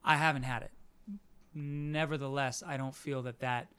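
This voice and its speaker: A man co-hosting a casual podcast, speaking in a measured, plain-spoken way. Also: medium pitch, fairly even intonation, fairly bright tone, clear, resonant tone. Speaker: podcast co-host. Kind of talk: casual discussion.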